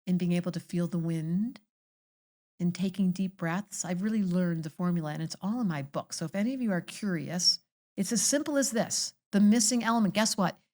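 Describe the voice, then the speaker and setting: An older woman astrologer, a podcast guest telling animated, theatrical stories in casual conversation. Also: on the low side, fairly quick. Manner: theatrical storytelling, acting out quoted voices.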